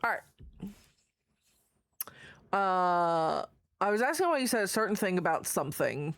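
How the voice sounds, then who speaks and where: Her voice is lowish, fairly bright, and a little slow, with big pitch swings, on a dry recording. This woman streamer casually chats with viewers, greeting them by name affectionately and swearing freely while reading the chat.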